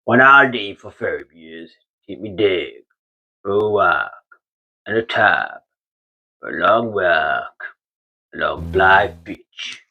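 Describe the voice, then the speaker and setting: A man's voice: low-pitched, lively intonation, slow pace, creaky, pauses often, narrow, tinny audio. A Geordie man from North East England, a builder vlogger giving a jokey, mock-dramatic monologue to camera, teasing and swearing casually.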